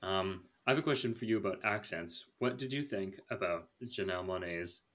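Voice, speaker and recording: A young man hosting a casual movie review chat, chatty and animated, laughing often. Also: low-pitched, fairly quick. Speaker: podcast host.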